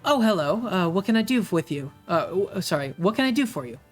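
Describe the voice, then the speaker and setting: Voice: mid-range voice, very animated, quick pace, soft background music. A game master voicing a fussy gnome man with a pencil mustache, who stumbles over his words as he speaks. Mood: flustered. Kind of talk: tabletop game character voice.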